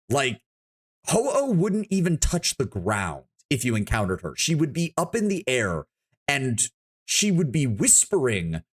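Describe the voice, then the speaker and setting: A male streamer talking off the cuff, his voice swinging widely up and down as he rambles. He thinks out loud, trips over his own words and starts again, in a loose, casual live-stream chat. A man who swears freely and talks without a script. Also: mid-range voice. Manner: rambling, animated, thinks aloud with frequent restarts.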